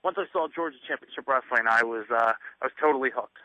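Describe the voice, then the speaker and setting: Speaking fast in a mid-range voice, this thirtysomething wrestler from the Northeastern US tells stories as a phone-interview guest. He's a rambling storyteller who leans on fillers and performs the quotes himself. The dry, echo-free recording has a muffled lo-fi radio quality.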